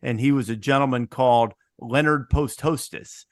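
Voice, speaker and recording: A man's voice: medium pitch, steady tone, moderate pace, no echo. Chatty man hosting a podcast, dry sound. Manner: chatty storyteller, laughs easily. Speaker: podcast host. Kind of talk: casual sports podcast chat.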